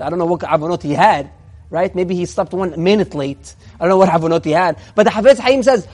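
A man's voice: high voice, fairly quick, soft background music. A man giving a sermon, asking rhetorical questions and mixing Hebrew phrases into his English. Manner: lively, swinging between soft and emphatic. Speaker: rabbi giving a Torah class.

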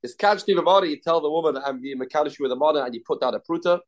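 A man's voice: medium pitch, steady tone, very fast, a little mellow. A man teaching a daily Talmud class, reading Aramaic lines and then translating and explaining them. He repeats key phrases and asks and answers his own questions.

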